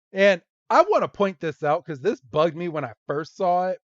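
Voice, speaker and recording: A man hosting a podcast, recapping a cartoon episode in a casual, giggly, animated way. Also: sits high, moderate pace, hardly any pauses, dry recording, lo-fi sound. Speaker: podcast host.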